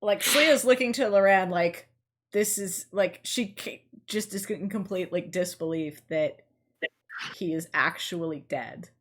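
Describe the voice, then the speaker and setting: Hesitant woman player, halting speech. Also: on the low side. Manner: hesitant, halting, full of restarts. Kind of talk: casual tabletop play.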